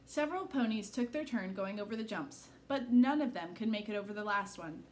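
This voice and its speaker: A school staff member, a woman, reading a children's picture book aloud in an expressive storytelling manner. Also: medium pitch, brisk.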